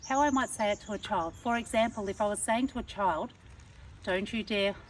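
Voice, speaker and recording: A woman's voice: on the high side, fast. A woman dog trainer patiently explaining obedience commands outdoors, acting out the tones she uses. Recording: somewhat distant mic, faint background noise.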